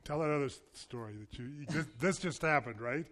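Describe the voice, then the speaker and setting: A man's voice: fairly high pitch, brisk, fairly bright tone. A man leading a group, prompting the speaker with brief encouraging interjections.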